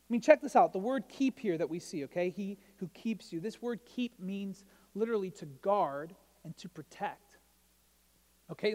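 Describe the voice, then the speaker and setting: In a large hall, a male pastor with a high, darkish voice gives an informal, conversational sermon. He tells humorous stories and regularly checks in with the listeners by asking "right?"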